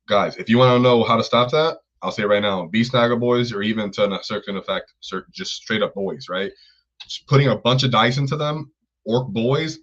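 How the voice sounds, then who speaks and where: A man's voice: on the low side, a bit bright. A man co-hosting a casual live stream, talking enthusiastically, rambling and thanking viewers by name. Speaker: co-host. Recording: dull lo-fi stream audio.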